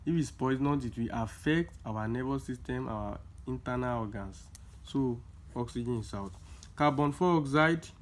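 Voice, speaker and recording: A young man, tutoring students through exam questions in a casual lesson, repeating key points with emphasis. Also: medium pitch. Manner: explains slowly with many repeats, emphatic.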